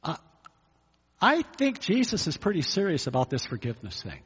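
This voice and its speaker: A man's voice: fairly high pitch, wildly swooping pitch, moderate pace, a bit bright, breathy edge. A pastor giving a sermon in a conversational way, asking his listeners rhetorical questions. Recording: echoey hall, dull lo-fi sound.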